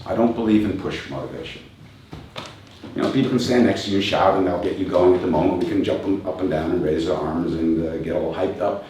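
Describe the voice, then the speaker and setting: A man in his fifties with a fairly low voice, speaking as a coach to a live audience. He is reflective, poses rhetorical questions and chuckles along the way. He is heard from a distance in a very echoey room with faint background noise. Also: warm tone. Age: 50s. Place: event venue with a live audience.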